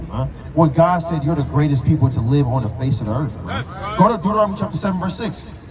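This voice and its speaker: A man's voice: on the high side, lively intonation, fast, low-quality recording. A man preaching on a street corner, firing rhetorical questions with emphatic force. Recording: crowd noise around.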